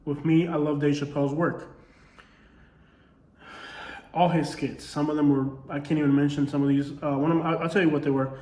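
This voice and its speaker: A man's voice: on the high side, level tone, brisk, pauses often, mellow, roomy sound. A man with a Southern accent, a comedy creator speaking in a casual commentary monologue, earnest and full of rhetorical questions. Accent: Southern US, Alabama-tinged.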